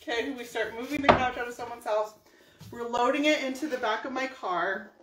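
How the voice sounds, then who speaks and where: A woman's voice: a little high, fairly quick, reverberant, very noisy. A woman telling a story casually while she works on furniture, chatty and laughing often. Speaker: furniture painting vlogger.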